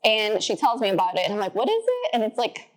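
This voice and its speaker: A young woman chats as a podcast guest, telling long stories with lots of "like" in her speech. Her voice sits at a middle pitch and leaps up high whenever she quotes herself or her friends. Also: fairly even intonation, quick pace. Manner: chatty, says "like" often, acts out quotes in a high voice. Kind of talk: casual interview storytelling.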